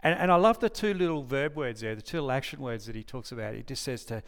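A man's voice: medium pitch, expressive, quick pace. Guy preaching a laid-back sermon, middle voice, reads verses, keeps fixing his words and asking the room stuff. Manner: informal, restarts and corrects himself, asks listeners questions. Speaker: pastor. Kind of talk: conversational sermon with scripture reading.

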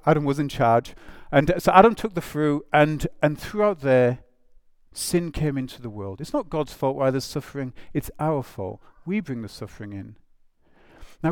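A man delivers a sermon in an easy, conversational way, his voice sitting a little high. He keeps slipping into casual asides and acting out little quoted exchanges. The sound is dry and close, with no room around it. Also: clean tone, no room sound. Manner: informal, with frequent "it's like" asides and acted-out quotes. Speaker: preacher.

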